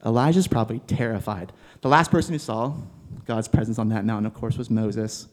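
A man preaching a sermon in a conversational, animated way, using filler words as he goes. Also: fairly low pitch, a little fast. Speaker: pastor.

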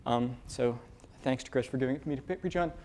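A man preaching a casual sermon, talking in halting bursts full of fillers and restarts. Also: mid-range voice, a little mellow. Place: church with a room of divinity students.

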